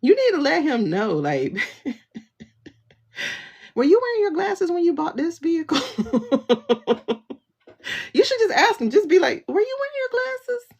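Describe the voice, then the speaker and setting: Sassy, gravelly woman ranting on a livestream. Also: sits high, slow pace, pauses often. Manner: animated, laughing, sassy and blunt. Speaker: tarot reader and livestream host. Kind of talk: casual livestream rant. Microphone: phone livestream.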